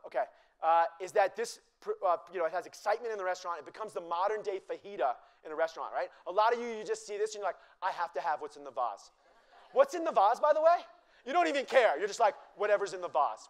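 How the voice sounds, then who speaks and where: A man giving a live cooking demonstration to an audience, joking and teasing the crowd in a chatty way. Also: sits high.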